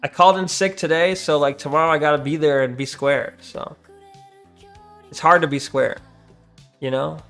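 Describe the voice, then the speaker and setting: A man's voice: a little high, steady tone, normal speed, pauses often, fairly bright tone, faint music behind. A young man streaming, chatting casually and rambling with a profane, joking manner as he reads his chat.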